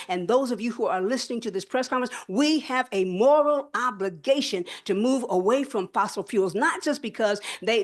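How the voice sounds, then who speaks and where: A middle-aged woman delivers an impassioned public speech, telling stories in an earnest, measured way. She repeats key phrases for weight and answers her own rhetorical questions with firm conviction. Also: a little high. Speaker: former state senator giving a speech.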